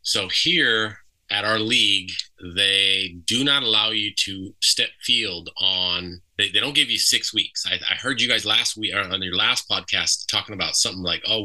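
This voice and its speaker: A man guesting on a podcast and coaching youth ball, telling stories in a relaxed, wry way. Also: lowish voice, moderate pace, hardly any pauses, poor audio. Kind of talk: casual podcast chat.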